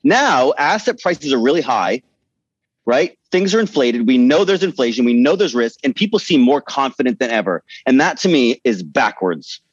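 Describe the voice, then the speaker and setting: A man's voice: mid-range voice, very animated, moderate pace, slightly rough, dry recording. A man co-hosting an interview, earnestly asking long follow-up questions about his own experience. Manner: earnest, talks through his reasoning at length. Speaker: co-host. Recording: dry, dull lo-fi audio.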